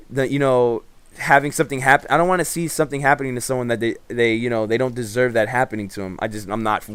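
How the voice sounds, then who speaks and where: Male gaming commentator, casual storytelling, swears constantly, rambling with fillers, smooth clear voice, dry close sound. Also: mid-range voice, no room sound. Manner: profane, rambling, with many fillers and restarts; animated storyteller. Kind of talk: casual storytelling over gameplay.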